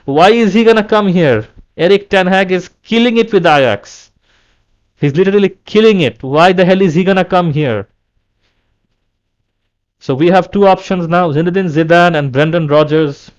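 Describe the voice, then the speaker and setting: A man's voice: high-pitched, normal speed. A man vlogging an angry, repetitive fan rant, often restarting his sentences.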